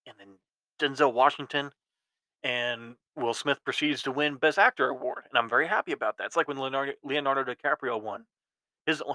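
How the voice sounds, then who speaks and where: A young man in his twenties talks through the news as a podcast host, rambling and restarting his sentences often. His voice is bright and forceful, recorded dry and close with no room sound. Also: medium pitch, dry recording, poor audio. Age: 20s. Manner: rambling, many restarts and ums. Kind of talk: casual commentary.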